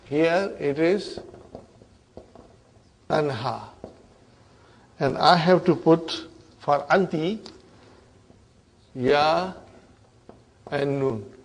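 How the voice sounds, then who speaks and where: A man teaching grammar in a lesson, drilling verb forms and checking in with "huh?" and "okay?", calling his student brother. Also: on the high side. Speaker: Arabic teacher.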